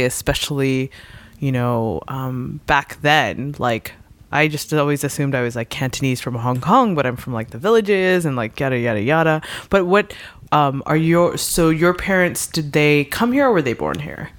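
A woman's voice: low-pitched, normal speed, no echo. A woman co-hosting a podcast in casual chat, rambling and joking with lots of "like" fillers. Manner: rambling, jokey, heavy on "like". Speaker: podcast co-host.

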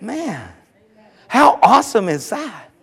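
A man preaches with a strikingly high voice, fervent and pressing, at times breaking into shouts. His words ring out with a long reverb, as if in a big hall. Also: measured pace. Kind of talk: sermon on prayer.

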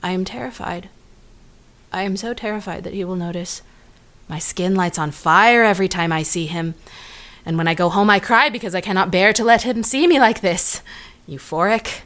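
A woman's voice: mid-range voice, normal speed, fairly bright tone, natural voice. A young woman in a comedy sketch, playing her own effusive, melodramatic emotional side. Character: young woman's gushing, dramatic emotional self.

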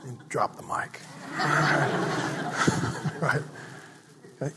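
A middle-aged man preaching a sermon, swinging from loud emphatic passages to a soft, fatherly hush. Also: a little high, normal speed, long pauses, slightly rough. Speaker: pastor.

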